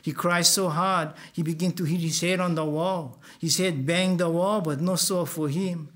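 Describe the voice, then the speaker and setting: A man's voice: a little high, steady tone, moderate pace, a bit bright. A man telling a first-person story in Hawaiian Pidgin with a plain, earnest delivery.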